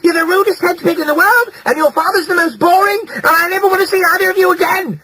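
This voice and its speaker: A man's voice: big pitch swings, brisk, noisy background. A man voicing a fussy, exasperated mother hedgehog who nags and scolds. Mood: screaming. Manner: shrill, exasperated, nagging.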